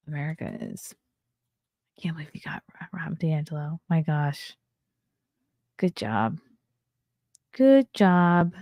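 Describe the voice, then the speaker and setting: A woman's voice: deep voice, gravelly, dry recording, studio quality. A woman streaming from her home desk, chatting in a rambling way with sarcastic asides while reviewing a film and reading chat. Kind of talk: casual live-stream chat. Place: home desk setup with webcam.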